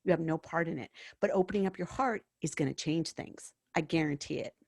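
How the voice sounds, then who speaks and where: A woman's voice: low-pitched, fairly quick, vocal fry, darkish tone, slightly rough, no room sound, studio quality. A woman guest, a former hospice worker, speaking earnestly in a conversational interview and acting out the people in her stories. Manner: earnest, storytelling, acts out quoted dialogue.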